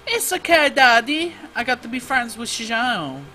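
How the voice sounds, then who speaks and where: A man voicing a frightened, whiny little girl in a game, whimpering and squeaky. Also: very animated, a little slow, pushed and bright, soft background music, exaggerated voice, poor audio. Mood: relieved.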